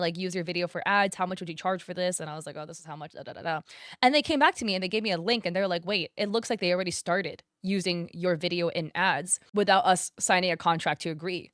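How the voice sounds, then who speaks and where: A woman streamer giving casual commentary, chatty and animated, with a crunchy way of pronouncing words and some mild swearing. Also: lowish voice, dry recording, studio quality. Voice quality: crunchy enunciation. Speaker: streamer and content creator.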